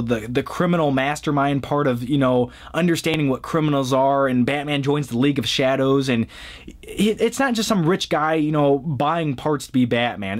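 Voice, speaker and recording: Chatty joking man ranking movies. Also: mid-range voice. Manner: chatty and joking, many fillers. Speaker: movie review vlogger. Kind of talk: casual top-ten countdown.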